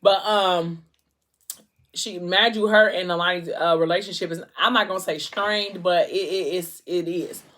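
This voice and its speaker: A woman vlogger talks through a book's plot in a loose, chatty way, tossing in slangy asides as she goes. Her voice sits a bit low for a woman, and there's a stressed edge under the casual tone. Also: fairly even intonation, moderate pace, fairly bright tone. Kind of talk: casual book recap storytelling.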